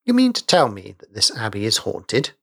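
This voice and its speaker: A man's voice: on the low side, wildly swooping pitch, moderate pace, vocal fry, fairly bright tone, slightly rough, no room sound, clean studio sound, heavily acted. A man doing a sneering sly stranger. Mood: skeptical. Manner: sneering, skeptical.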